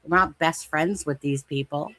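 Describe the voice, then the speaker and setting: Low, dry-voiced woman co-host, casual and rambling, repeats points for emphasis. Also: normal speed, a bit bright, no room sound. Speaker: podcast co-host. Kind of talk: casual true crime discussion.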